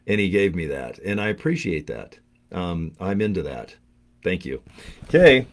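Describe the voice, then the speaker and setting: A man with a somewhat low voice talks loosely to his viewers, wandering from story to story. He cracks crude jokes and laughs often as he chats. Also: sing-song, moderate pace. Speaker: vlogger opening a gift on camera. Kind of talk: casual live-stream chat.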